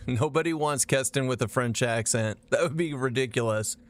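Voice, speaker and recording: A man's voice: mid-range voice, moderate pace. A man streaming a game live, chatting casually with his chat, rambling and swearing as he plays. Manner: profane, animated, rambling.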